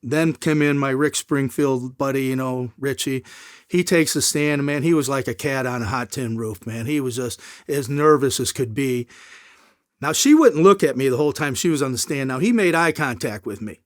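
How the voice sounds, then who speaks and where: A middle-aged man telling a long story as an interview guest, in a casual, animated way, acting out the people in it. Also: medium pitch, normal speed, no echo, clean studio sound.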